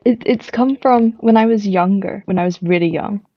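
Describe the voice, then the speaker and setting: A woman's voice: mid-range voice, normal speed, no room sound, muffled recording. A woman from Ireland, a guest on a stream, chatting casually and chiming in with short agreements and asides. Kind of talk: casual chat on a voice call.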